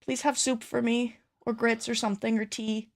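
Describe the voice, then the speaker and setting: This woman speaks at normal speed in a slightly high voice that barely moves in pitch. A cosplay pattern maker, she chats casually on her livestream while filming, nervous in front of the camera and thinking out loud with jokes at her own expense.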